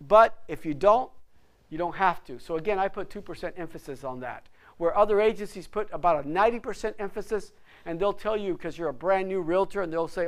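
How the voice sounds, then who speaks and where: A man's voice: fairly high pitch, animated, brisk. A man who is a real estate broker, giving an instructional class to agents in an emphatic, motivational way and repeating words for stress. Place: office classroom.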